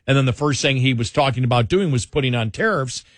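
A man's voice: medium pitch, fast talker, no room sound, clean studio sound. A man co-hosting a political talk show, talking in an emphatic conversational way that repeats points and restarts sentences.

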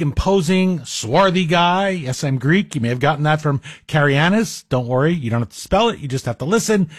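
A man's voice: a little high, husky, dry recording. A man guest-hosting a talk radio show, speaking in a rambling, self-deprecating, conversational monologue into a studio microphone.

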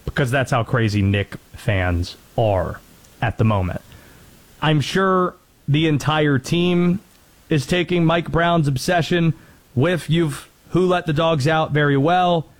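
A man's voice: fairly high pitch, slow pace. A man hosting a talk radio show, chatting and joking with callers and co-hosts. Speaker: radio host. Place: radio studio.

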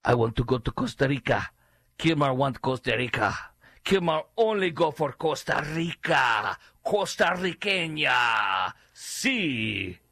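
A man's voice: mid-range voice, very animated, unhurried, sharp tone, no room sound, full character voice. A man putting on the voice of a boastful man who speaks broken English about himself in the third person. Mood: mocking.

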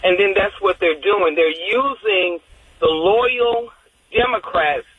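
A woman's voice: medium pitch, slow, slightly rough, no echo. A woman calling in to a radio show, talking in a rambling, earnest way with frequent restarts. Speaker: caller. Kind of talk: phone-in call. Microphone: telephone. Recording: tinny phone line.

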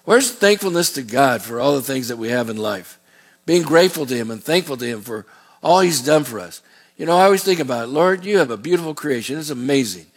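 A man's voice: medium pitch, expressive, quick pace, husky. A middle-aged male pastor preaching a sermon in a folksy, rambling way, with asides and repeated words.

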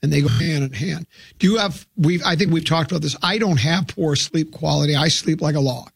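A man's voice: fairly high pitch, brisk, creaky, breathy edge. A man hosting a radio talk show, reading health news aloud and breaking off for jokes. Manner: wisecracking, reads news items aloud with asides. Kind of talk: jokey morning show banter.

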